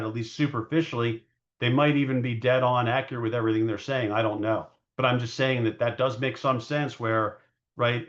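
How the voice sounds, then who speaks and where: Rambling male market analyst, muffled. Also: mid-range voice. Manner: rambling, hedging, frequent fillers and self-corrections. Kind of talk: casual market commentary over charts.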